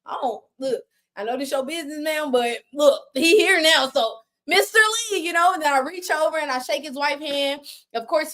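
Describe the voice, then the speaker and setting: A high-pitched woman telling a long story as a guest on a live video call. She talks casually and animatedly, with plenty of slang and the odd curse, and acts out what others said. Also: fairly bright tone. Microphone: phone on a live video call.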